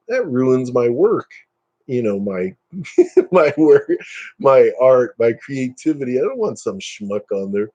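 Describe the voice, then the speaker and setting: Mellow-voiced man ranting on a live stream. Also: big pitch swings, slow, muffled recording. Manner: ranting, dismissive, jumps up in pitch when worked up. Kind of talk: casual live-stream chat with viewers.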